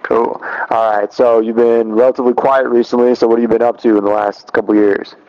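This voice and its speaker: Male radio host, relaxed casual questions, mid-range voice, muffled sound. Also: medium pitch, a little fast. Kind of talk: casual interview.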